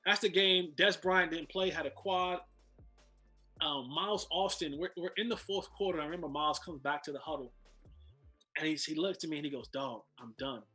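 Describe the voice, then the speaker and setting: A man's voice: fairly high pitch, a little fast, sharp tone, soft background music. A man, a former football player, telling a long story as a guest in casual chat, restarting and repeating words as he goes.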